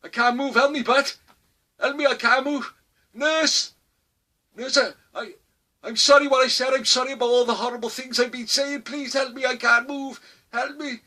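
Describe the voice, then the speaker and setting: A man voicing a rude grandson who is paralysed on a hospital floor, crying out in a high, panicky, pleading voice. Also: fairly even intonation, moderate pace, sharp tone. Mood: panicked pleading.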